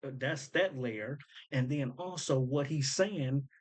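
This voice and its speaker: A man's voice: mid-range voice, slow, poor audio. Man eagerly breaking down rap lyrics. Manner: eager, explanatory, keeps pointing things out. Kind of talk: casual commentary.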